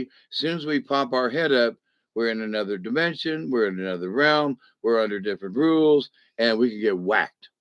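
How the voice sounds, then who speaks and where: A folksy man wanders through a spiritual lesson, dropping into quick little voices along the way. His voice sits at an ordinary middle pitch. The recording is dry and a bit muffled. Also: dry recording. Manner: rambling, folksy, acts out voices. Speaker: spiritual teacher. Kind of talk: casual spoken lesson. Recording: dull muffled sound.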